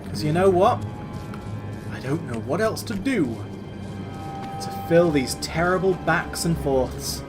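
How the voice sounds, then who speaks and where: Sarcastic streamer, slightly high voice. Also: male voice, lively intonation, slow pace, long pauses, music in the background. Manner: sarcastic, rambling, sweary. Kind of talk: let's-play commentary.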